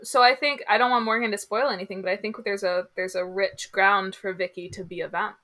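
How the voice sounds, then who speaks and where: Woman co-host, bright tone, dry playful delivery. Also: medium pitch, fairly even intonation, a little fast. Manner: wry, playful predictions. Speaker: podcast co-host. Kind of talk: casual chat.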